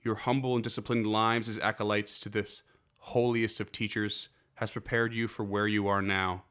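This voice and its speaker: A man reading a scripted fantasy intro in a soft, slow, measured voice as game master. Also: fairly low pitch. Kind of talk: scripted second-person narration.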